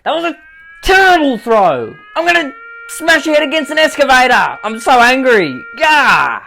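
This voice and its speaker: Aussie guy doing a screaming young prank bro, way higher than his own voice, totally over the top. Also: sing-song, normal speed, vocal fry, slight background noise, full character voice. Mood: enraged. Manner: yelling, over-the-top hype. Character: hot-headed young man, loud prankster.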